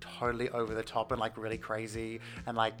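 A man's voice: lowish voice, completely flat delivery, fast, a bit bright, faint music behind. A man, chatting casually and telling rambling stories full of fillers. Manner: rambling storyteller, lots of fillers. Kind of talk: casual chat.

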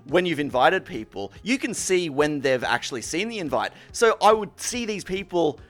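A man tells a story in casual chat, swearing freely and acting out angry rants. His voice sits fairly high, very bright, and swoops widely in pitch. Faint music plays behind him. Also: moderate pace. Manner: profane, animated, mock-ranting when quoting himself.

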